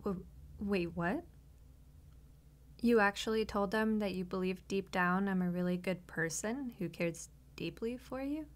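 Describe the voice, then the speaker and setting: A woman's voice: mid-range voice, normal speed, hardly any pauses, natural voice. A young woman voicing a reformed bad-girl girlfriend in an audio role-play, talking earnestly and close to tears. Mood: tender, earnest. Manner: earnest, emotional, near tears.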